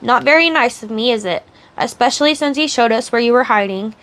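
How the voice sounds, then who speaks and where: A woman reading as a soft-spoken, menacing male henchman. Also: on the high side, fairly quick. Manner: sneering, taunting.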